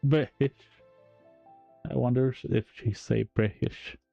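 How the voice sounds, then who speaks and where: A man with a French accent, a native French speaker, explains game code on a live stream in a halting, self-correcting way, chuckling at his own slips. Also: medium pitch, fairly even intonation, creaky, lo-fi sound, soft background music.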